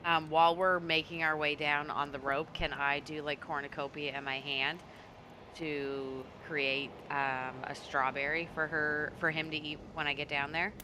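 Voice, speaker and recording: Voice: mid-range voice, flat delivery, normal speed, noisy background. A player in a tabletop game, chatting eagerly and pushing questions at the game master. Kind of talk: casual chat at a game table.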